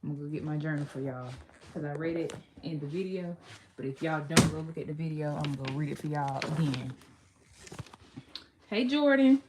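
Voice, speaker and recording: A woman's voice: sits low, lively intonation, a little fast, noisy background. Preachy young woman, echoey distant mic. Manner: emphatic, repetitive, call-and-response. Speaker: motivational live-streamer. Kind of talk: preachy live-stream pep talk. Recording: echoey room, far from mic.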